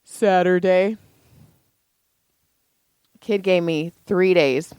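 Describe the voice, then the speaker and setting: Mid-range and animated at a normal speed, this middle-aged woman's smooth voice carries no echo. As a podcast co-host she tells a family story in casual, profane chat, performing the dialogue herself.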